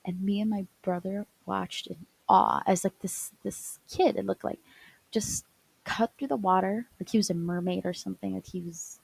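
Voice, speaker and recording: A woman's voice: mid-range voice, fairly even intonation, moderate pace, gravelly, a little mellow, husky, poor audio. A young woman narrating a personal childhood story for a class project, stumbling and restarting often and sometimes dropping to a whisper. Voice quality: stutters often, many fillers and restarts. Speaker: student storyteller.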